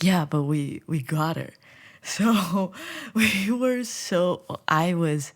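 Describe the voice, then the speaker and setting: A woman's voice: on the low side, takes it slowly. A woman vlogger telling a personal story in a casual, chatty way, sometimes dropping to a whisper. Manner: chatty, animated, drops to whispers.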